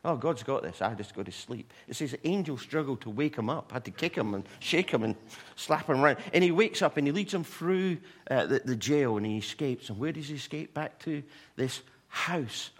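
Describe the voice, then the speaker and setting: A man preaching a sermon, retelling stories in an animated way with humorous asides to the congregation. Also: on the high side, normal speed. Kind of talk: sermon storytelling.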